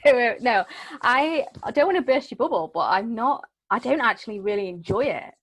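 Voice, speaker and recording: A woman's voice: fairly high pitch, a little fast, slightly rough. A British woman guest on a video call interview, joking dryly and talking animatedly. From United Kingdom. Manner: joking, dry, animated delivery. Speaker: guest, security company CEO. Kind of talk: casual interview chat.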